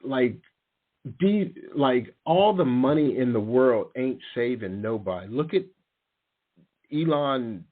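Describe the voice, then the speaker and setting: A slow-speaking man with a medium-pitched voice hosts a casual spiritual talk radio show and coaches youth. He rambles and restarts as he tells lively stories, voicing the characters himself. The audio comes through a narrow, phone-like line.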